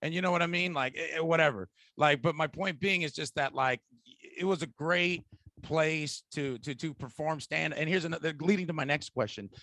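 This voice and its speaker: Gravelly-voiced comedian man. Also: fairly high pitch, normal speed, pushed and bright, no room sound. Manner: rambling, asks long questions, many fillers. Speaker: stand-up comedian. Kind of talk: casual podcast chat.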